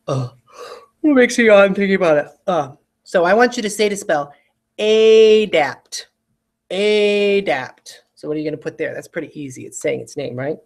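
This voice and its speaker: A spelling teacher giving a recorded lesson for children, patiently repeating each example word with slow, exaggerated enunciation and checking in often. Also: mid-range voice.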